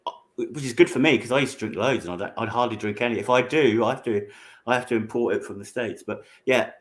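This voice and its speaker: A British man hosting a casual chat, jokey and playful, laughing often. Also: fairly low pitch. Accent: British English. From United Kingdom. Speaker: host.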